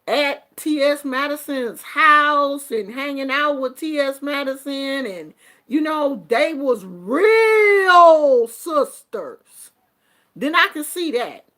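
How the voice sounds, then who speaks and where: On a livestream, a middle-aged female vlogger chats casually and reads out viewer comments with sass and animation, swinging from quiet murmurs to loud exclamations.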